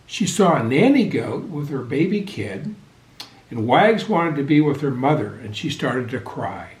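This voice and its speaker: A man reading a picture book aloud to children with expressive, animated storytelling, over a video call. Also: mid-range voice, unhurried. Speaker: storybook reader. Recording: echoey room.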